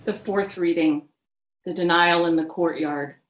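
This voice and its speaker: Slow, solemn woman reading scripture. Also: lowish voice, fairly even intonation, reverberant. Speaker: scripture reader.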